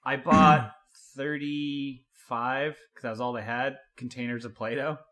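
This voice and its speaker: A man's voice: mid-range voice, steady tone, measured pace, pushed and bright. A man in his thirties co-hosting a podcast, telling a rambling story in casual chat and laughing often. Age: 30s. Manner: rambling, laughs a lot, acts out quotes. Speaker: podcast co-host.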